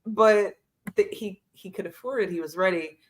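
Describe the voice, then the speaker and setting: A woman hosting a casual talk on a video call, asking quick follow-up questions. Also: mid-range voice. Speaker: host. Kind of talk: casual conversation.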